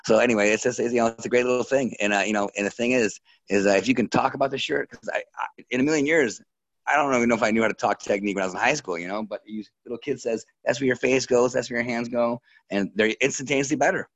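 A man, a wrestling coach telling stories in a casual interview, energetic and laughing often. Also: mid-range voice, quick pace, no echo, highs cut off.

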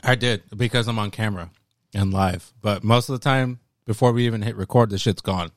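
Young male co-host, deadpan laid-back delivery, dry close recording. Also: lowish voice, brisk, dry recording. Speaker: podcast co-host. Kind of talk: casual chat.

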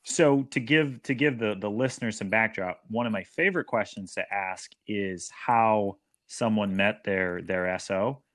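A man's voice: lowish voice, a little slow, few pauses, fairly bright tone. A man guest on a podcast, chatting casually and telling a hypothetical story, with frequent ums and restarts. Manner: hesitant, many ums, storytelling. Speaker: guest, former soccer player.

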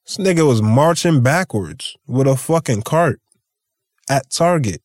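This podcast host, a man, spins rambling stories in a casual storytelling chat, swearing without restraint and laughing frequently. His mid-range, darkish voice has lively intonation and a slightly slow pace, recorded clean in the studio with no room sound.

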